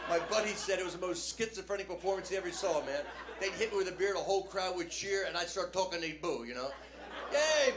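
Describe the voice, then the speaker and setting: A man's voice: high voice, gravelly, reverberant, background noise. An older man from New Jersey telling stand-up stories on a comedy club stage, talking casually with lots of "man" and "you know", sometimes acting out announcers and crowds. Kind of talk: stand-up storytelling. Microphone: handheld stage mic. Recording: live club recording, faint crowd ambience.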